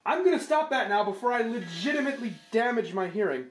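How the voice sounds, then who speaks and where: A man with a high voice rambles through a product review at home, dry and self-mocking. He's picked up by a camera mic, with clear noise hissing under the recording. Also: animated, fast. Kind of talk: casual unboxing commentary. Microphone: camera microphone.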